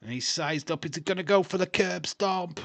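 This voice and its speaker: A man's voice: high-pitched, a little fast, fairly bright tone, dry recording. A man hosting a live wrestling watch-along stream, giving casual commentary, often laughing and teasing his chat. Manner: chatty, laughs often, reads and teases chat. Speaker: livestream watch-along host.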